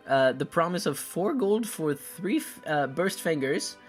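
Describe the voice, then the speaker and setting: A man's voice: on the high side, lively intonation, a little slow, soft background music. A man narrating as game master of a tabletop game, rambling with many fillers.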